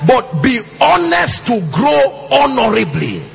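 A pastor preaching to his church, emphatic and sing-song, with shouted bursts and call-and-response questions. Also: very high-pitched, wildly swooping pitch, slow, vocal fry. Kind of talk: sermon. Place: church auditorium with congregation. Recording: slightly muffled church recording, faint music.

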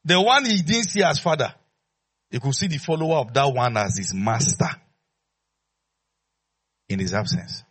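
A man's voice: medium pitch, expressive, normal speed, pauses often, a bit bright, breathy edge. A man preaching a sermon as pastor, emphatic, repeating his phrases and leading call-and-response with the congregation.

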